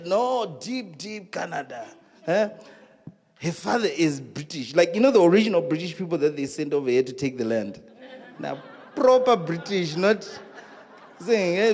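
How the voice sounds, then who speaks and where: A man with a South African accent doing live stand-up comedy on stage, telling stories in an animated, exclamatory way. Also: a little high. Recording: long hall reverb.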